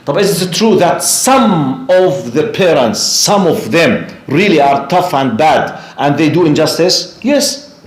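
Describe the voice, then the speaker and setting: A man giving a storytelling religious lecture to a live class, animated and often asking the audience questions. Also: fairly high pitch, unhurried, hardly any pauses. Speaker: Islamic lecturer. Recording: echoey room.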